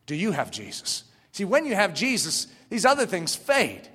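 High, bright-voiced impassioned preacher man. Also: huge pitch swings, normal speed, breathy edge, long reverb tail. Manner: impassioned preaching, swings from shouts to hushed near-whispers. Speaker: pastor. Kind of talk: sermon.

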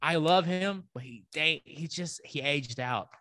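A young man hosting a casual sports chat, relaxed and laughing as he steers the topics. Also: fairly high pitch, unhurried, no room sound. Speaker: podcast host.

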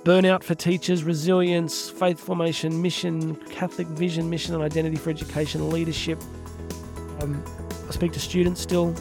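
Earnest chatty man, gravelly voice. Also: fairly high pitch, little pitch movement, moderate pace, over music. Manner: earnest, chatty, with frequent laughs and asides. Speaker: podcast host and Catholic speaker. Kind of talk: casual heartfelt podcast monologue.

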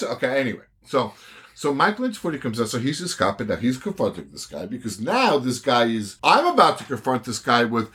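A man telling a story in a casual chat, cursing freely and getting worked up. His pitch leaps up and down as he tells it. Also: a little fast. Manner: animated, profane storytelling. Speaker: podcast co-host.

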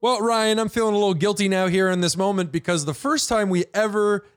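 A man's voice: sits high, fairly even intonation, a little fast, clear, resonant tone. A man co-hosting a comedy podcast, throwing in dry, wry quips. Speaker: podcast co-host. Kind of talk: casual comedic podcast banter.

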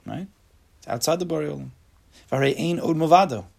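A man's voice: a little high, a little fast, vocal fry, a little mellow. A man giving a casual Torah class, reading a text and explaining it, acting out angry everyday voices and asking the class questions. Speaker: Torah teacher.

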